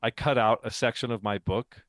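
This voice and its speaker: A man's voice: medium pitch, steady tone, moderate pace, fairly bright tone, no room sound. A man co-hosting a faith podcast, explaining ideas in casual chat, talkative and laughing often. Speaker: podcast co-host and author.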